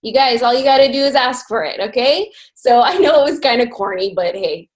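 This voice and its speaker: A woman's voice: fairly high pitch, lively intonation, a little fast. An upbeat woman hosting a video call, telling a joke in a casual, chatty way. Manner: upbeat, tells a joke with acted voices. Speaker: call host.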